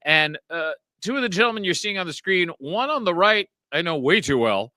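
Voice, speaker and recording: Lively guy hosting a podcast in a studio, kinda high, really bright dry voice, laughs through his stories. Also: brisk, no echo. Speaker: podcast host. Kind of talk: casual interview chat.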